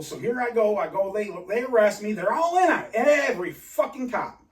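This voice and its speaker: A man telling a rambling personal story in an agitated, halting way, full of restarts and swearing. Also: extremely high pitch, lively intonation. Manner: profane. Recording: roomy and distant from mic.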